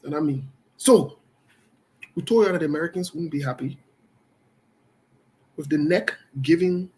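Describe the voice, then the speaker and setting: Combative man, high voice. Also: moderate pace, mellow. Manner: combative, scolding and emphatic, addressing viewers directly. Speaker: political commentary host. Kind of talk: live online political commentary.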